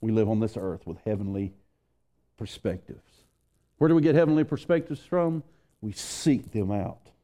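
Mellow-voiced preacher man. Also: lowish voice, animated, normal speed, long pauses. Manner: preaching with rising intensity and repeated phrases. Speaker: pastor. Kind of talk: sermon.

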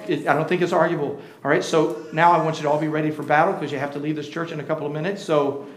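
A high-pitched male pastor delivers a sermon in a roomy, echoing church. He swings from quiet, hushed asides to loud, shouted declarations. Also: little pitch movement, very fast.

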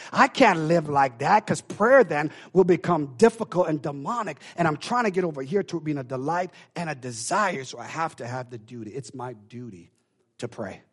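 A pastor preaching a sermon, emphatic and calling out to the congregation, swinging from hushed talk to shouting. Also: male voice, fairly high pitch, husky.

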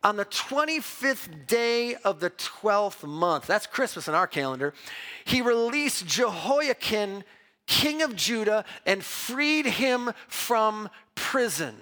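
A man preaching a sermon as pastor, emphatic and lively, mixing Bible reading with personal stories told with restarts. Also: high-pitched, slow. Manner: repeats words and restarts when telling stories.

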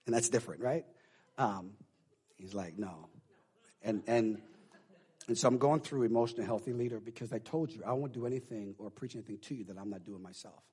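Husky-voiced preaching pastor. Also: male voice, mid-range voice, brisk. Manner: emotional, swings from hushed confiding to loud preaching. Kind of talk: sermon. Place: church.

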